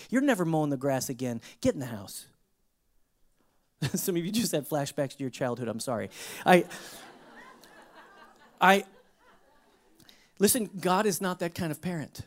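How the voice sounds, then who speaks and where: A man preaching a sermon in a conversational way, full of rhetorical questions, with emphatic bursts that drop into hushed low asides. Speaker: pastor.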